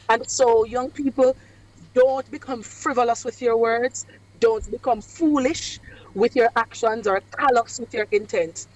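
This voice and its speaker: A woman, a radio guest coaching on public speaking in a measured, emphatic cadence with deliberate pauses. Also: on the high side, low-quality recording. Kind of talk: radio interview advice. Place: away from the studio.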